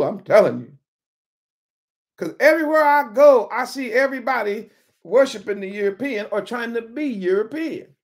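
A woman teaching from the Bible in an informal sermon style, emphatic, repeating key words and calling on listeners by name. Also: on the high side.

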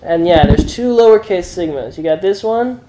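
A young man casually teaching letters to a small group, relaxed and chatty. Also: high voice, normal speed, background noise. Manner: relaxed, chatty, with fillers and laughs.

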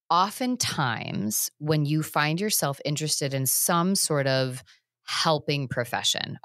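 A woman's voice: a bass voice, no room sound, studio quality. A woman therapist hosting a podcast, explaining her ideas thoughtfully in casual conversation.

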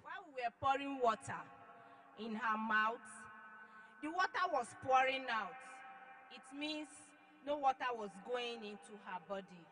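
High bright woman giving a testimony. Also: animated, unhurried, pauses often, faint music behind, low-quality recording. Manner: dramatic, reenacts her shouts, drops to hushed tones. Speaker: testimony giver. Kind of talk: emotional church testimony.

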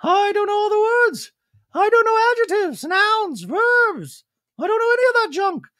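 A shrill, haughty society woman, as a male podcaster puts her on, piping up in a mincing, airy falsetto that swoops up and down. Her parody is sing-song and overblown, on a dry, close podcast mic. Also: big pitch swings, normal speed, fairly bright tone, no echo, full character voice. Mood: flustered. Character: haughty upper-crust woman, flustered and shrill.

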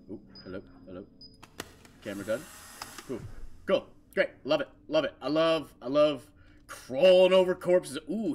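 A gaming channel host commentates a horror game as he plays, jumpy and muttering to himself, breaking into shrieks when scared. His voice sits in the mid range, with slight background noise behind it.

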